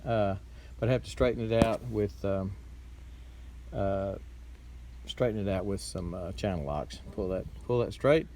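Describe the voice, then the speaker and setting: A man from Texas hosting a casual repair video outdoors on a farm, talking in a plainspoken, halting way with many fillers. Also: on the low side, dark tone, a little hiss or hum. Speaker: farm channel host.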